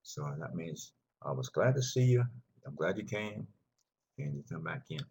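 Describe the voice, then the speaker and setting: Male language teacher, deep and heavily husky voice, patient and repetitive classroom delivery. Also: animated, moderate pace, a little mellow. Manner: rambling, patient, repeats words for students. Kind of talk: classroom lesson explanation.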